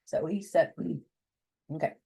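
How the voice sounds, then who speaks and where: A woman from the United States, an interview guest telling a personal story in a lively way and acting out the voices of the people she quotes. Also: slow pace, rough recording. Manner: animated, acts out voices when quoting people.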